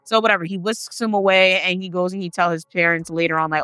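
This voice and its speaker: A woman's voice: fairly low pitch, quick pace, pushed and bright, clean tone, dry recording, faint music behind. A woman telling a paranormal story in a casual, chatty way, swearing freely and talking straight to her viewers. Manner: chatty, profane, addresses the viewers directly.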